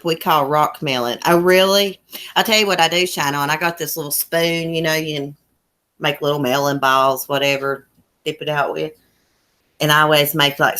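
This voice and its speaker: A woman's voice: deep voice, bright, forceful tone. A woman from Southwest Virginia with a strong Appalachian country accent, hosting a casual livestream, chatting folksily and laughing often. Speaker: YouTube livestream host. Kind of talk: casual livestream chat reading comments. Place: home in a small mountain town.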